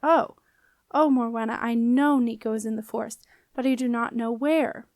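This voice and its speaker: A woman's voice: on the high side, fairly even intonation, normal speed, a little mellow, dry recording, studio quality, close to an everyday voice. A woman voicing an anxious, earnest middle-aged male wizard who talks hesitantly and pleads in a storybook reading. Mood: flustered.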